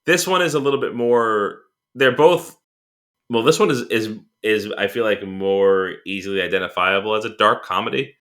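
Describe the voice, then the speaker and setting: A man's voice: lowish voice, moderate pace, a bit bright. A man co-hosting a podcast in casual chat, rambling with many fillers and restarts and laughing as he retells film scenes. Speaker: podcast co-host.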